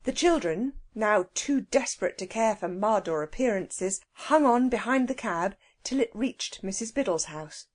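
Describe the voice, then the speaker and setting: A woman narrating a children's audiobook with an expressive, animated reading. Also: mid-range voice, unhurried, few pauses.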